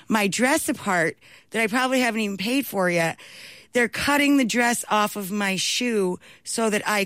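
A woman being interviewed, telling stories in an animated way and laughing often. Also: medium pitch. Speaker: guest, talk show host and cookbook author. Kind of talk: anecdotal storytelling in an interview.

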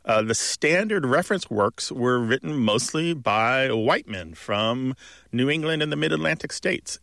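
A man's voice: mid-range voice, creaky, a bit bright, no room sound, studio quality. A man co-hosting a language call-in radio show, explaining at length in an expansive, thoughtful way, with asides and chuckles.

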